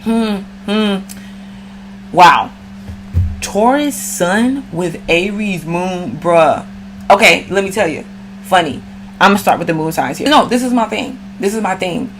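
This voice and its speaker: A woman's voice: fairly low pitch, expressive, takes it slowly, soft background music. A woman giving a casual, slangy astrology reading and talking straight to the viewer. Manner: slangy, chatty, addresses viewer directly. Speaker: astrology reader.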